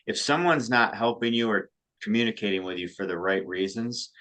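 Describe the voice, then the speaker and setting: Low-voiced man coaching with halting restarts. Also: fairly bright tone. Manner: halting, repeats words when starting sentences. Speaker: high school softball coach, co-host. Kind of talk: casual podcast chat.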